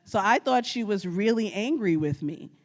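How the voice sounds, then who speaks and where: A woman from New York giving a storytelling presentation as a guest speaker, animated and often laughing as she acts out her family's words. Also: mid-range voice, normal speed. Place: lecture at a state archives building.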